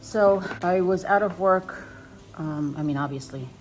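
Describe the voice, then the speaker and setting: A woman's voice: lowish voice, measured pace, soft background music. A New woman in her fifties tells a personal story on her doll vlog in a rambling, emotional way, full of restarts. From New York. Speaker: doll vlogger.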